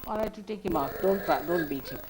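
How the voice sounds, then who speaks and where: A woman's voice: fairly low pitch, animated, fast, noisy background. An older woman, a spiritual teacher, giving a spoken talk to a gathering in a motherly, scolding way, often repeating short commands.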